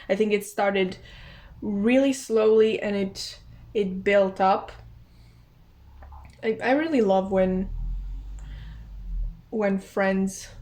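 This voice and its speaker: A young woman giving a casual tarot reading, taking her time over each card. She talks slowly and in a chatty way, thinks aloud, restarts her sentences and apologizes often, in a voice of middling pitch. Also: darkish tone. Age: young adult. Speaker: tarot reader.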